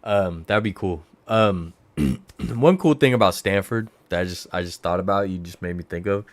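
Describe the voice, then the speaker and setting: A low-pitched man from California talks loosely to his livestream viewers, wandering from one story to the next. His voice leaps up high when he gets excited. The sound is dry and close. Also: normal speed, no room sound. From California Bay Area. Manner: rambling storyteller who jumps to high excited exclamations. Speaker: livestream host. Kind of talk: casual livestream chat.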